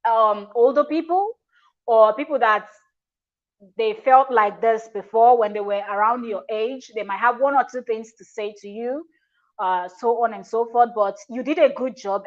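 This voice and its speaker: Here a reaction channel host, a woman, offers casual commentary at normal speed, her voice pitched on the high side. She's chatty and emphatic and often starts her sentences over, and the audio comes across dull.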